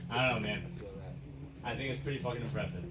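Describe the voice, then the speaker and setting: A man giving a halting, rambling roast speech, swearing often. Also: medium pitch, fairly even intonation, very noisy. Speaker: roast speaker. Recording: echoey room from far off with crowd.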